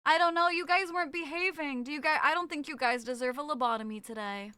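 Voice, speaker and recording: A woman's voice: high voice, quick pace, bright, forceful tone, no echo. A woman streamer chatting casually with her viewers, playful and teasing as she reads their messages aloud.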